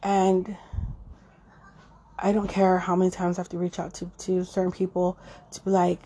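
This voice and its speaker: A woman's voice: lowish voice, completely flat delivery, moderate pace, mellow. Emotional, swearing woman podcaster. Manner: emotional, swears freely, frequent fillers. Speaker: podcast host. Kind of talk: casual personal monologue.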